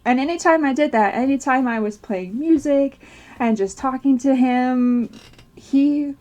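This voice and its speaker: Vlogger, a woman, tearful, telling a personal story slowly with nervous laughter. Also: high-pitched, a little mellow. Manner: rambling with restarts, nervous laughter through grief.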